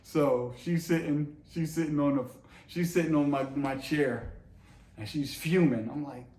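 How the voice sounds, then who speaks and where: Man, casual co-host storyteller, animated and profane, echoey room. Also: on the high side, unhurried. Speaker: co-host, husband.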